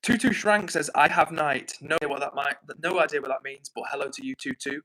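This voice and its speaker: Give me a bright, crisp male voice, a streamer chatting loosely with his viewers and apologising for lagging behind. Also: fairly high pitch, a little fast, rough recording. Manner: chatty, rambling, apologetic, thinks out loud. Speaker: livestream host. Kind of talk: casual live-stream chat, reading out viewer comments. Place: home in the north of England.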